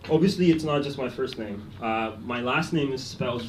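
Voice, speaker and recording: A young man from Poland, doing a deadpan, self-deprecating stand-up set on a comedy club stage. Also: mid-range voice, normal speed, hardly any pauses. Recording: echoey club, mic at a distance, loud noise. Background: audience laughter.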